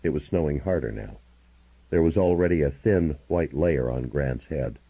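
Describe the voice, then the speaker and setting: Deep husky male audiobook narrator. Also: moderate pace, muffled recording. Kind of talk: first-person audiobook narration.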